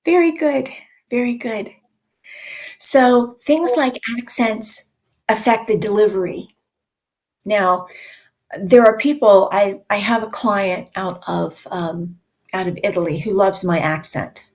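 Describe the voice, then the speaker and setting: Woman in her 60s, host and speaking coach, slow pace, deliberate pauses, conversational teaching. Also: medium pitch, a little mellow.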